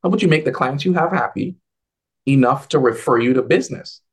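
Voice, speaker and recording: A man talking casually as a guest on a video call, an advisor who tells animated stories and acts out the dialogue in a lifted voice. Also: mid-range voice, a little fast, husky. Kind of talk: casual conversational storytelling.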